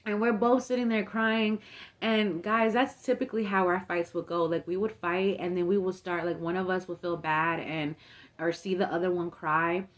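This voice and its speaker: A woman's voice: lowish voice, flat delivery, normal speed. A young woman in a casual mukbang storytime, chatty and full of fillers, acting out the people she quotes. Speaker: mukbang vlogger. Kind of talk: casual storytime while eating.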